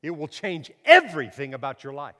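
A middle-aged man preaching a sermon, emphatic, swinging from quiet to loud and repeating words. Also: a little high, very animated, a little fast, big-room sound.

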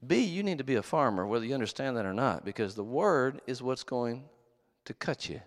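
A middle-aged man preaching a sermon as a pastor. He tells jokes and stories and shouts for emphasis. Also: mid-range voice, fairly quick. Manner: animated, joking storyteller who shouts for emphasis. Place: church hall. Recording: long reverb of a large hall.

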